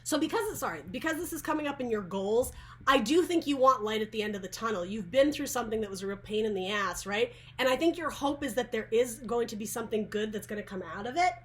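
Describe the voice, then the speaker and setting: A woman's voice: a little high, animated, fast, fairly bright tone, slight background noise. A woman giving a casual tarot reading to camera, chatty and rambling, often restarting her sentences. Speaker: tarot reader.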